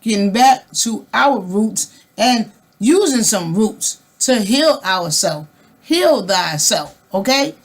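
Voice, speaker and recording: A woman's voice: mid-range voice, expressive, takes it slowly. Woman vlogger, fervent and loose, hammering rhetorical questions to camera. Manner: loose and conversational, with frequent restarts. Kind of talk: casual talk to camera.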